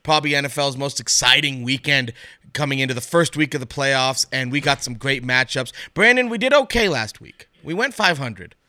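Bright, crisp-voiced man chatting about sports. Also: mid-range voice, normal speed, no echo, studio quality. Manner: animated, acts out quoted coaches. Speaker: podcast co-host. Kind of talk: casual sports chat.

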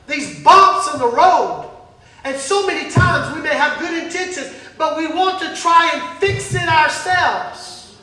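A man pastor preaching a fiery sermon in a church, swinging between shouts and hushed asides. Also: very high voice, lively intonation, unhurried. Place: church hall. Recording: very echoey hall, mic at a distance.

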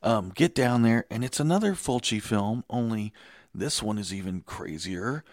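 A middle-aged man telling stories in a casual, animated, excitable way, acting out the quotes. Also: lowish voice, moderate pace, no echo, clean studio sound. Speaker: guest. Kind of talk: casual storytelling.

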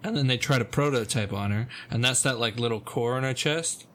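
A man's voice: medium pitch, brisk, fairly bright tone, slight background noise. Rambling casual male podcaster. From Canada. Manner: rambling, self-interrupting, swears casually. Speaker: podcast co-host. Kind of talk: casual gaming chat.

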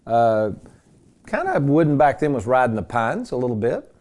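A chatty male radio host with a mellow, warm tone and a medium-pitched voice. He talks in a folksy, joking way that wanders a bit and fills the gaps with "uh". He sounds like he is settled at a studio mic. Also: very animated, normal speed. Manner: folksy, joking, rambling with fillers. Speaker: radio host and retirement planner. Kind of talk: radio talk show chat. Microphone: studio microphone.

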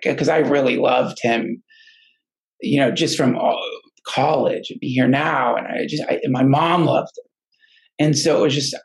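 Gravelly man telling a rambling story. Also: a little high, poor audio. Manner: rambling, full of restarts and fillers; emotional, earnest. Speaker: podcast guest. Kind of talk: casual personal storytelling.

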